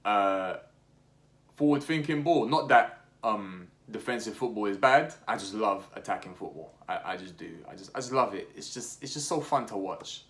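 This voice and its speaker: A man's voice: fairly low pitch, animated, moderate pace, a bit bright. A young man talking casually about football as a podcast host, full of slang, restarts and fillers. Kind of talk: casual opinionated chat.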